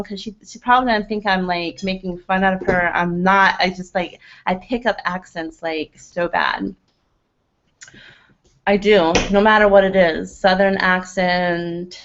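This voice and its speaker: A woman's voice: medium pitch, a bit bright. Chatty rambling woman streaming to viewers. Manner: rambling, laughs often, many "like" fillers. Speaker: livestream host. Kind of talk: casual chat with viewers. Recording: slightly dull lo-fi webcam audio.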